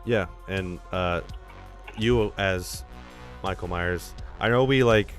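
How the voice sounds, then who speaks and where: A man's voice: low voice, takes it slowly, fairly bright tone, faint music behind. A man hosting a podcast in casual chat, easygoing and loose, with lots of "like" fillers. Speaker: podcast host and filmmaker.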